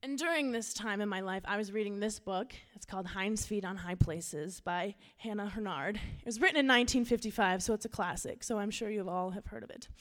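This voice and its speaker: An earnest woman youth pastor from Minnesota gives a sermon in a casual, storytelling way. Her voice sits at a middling pitch for a woman. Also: fairly quick, hardly any pauses, a bit bright.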